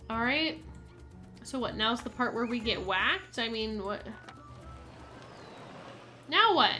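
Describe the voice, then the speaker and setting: A woman's voice: on the high side, unhurried, sharp tone, soft background music. Chatty woman narrating her gameplay. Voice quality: chatty, musing aloud. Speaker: gameplay streamer. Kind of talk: casual let's-play commentary.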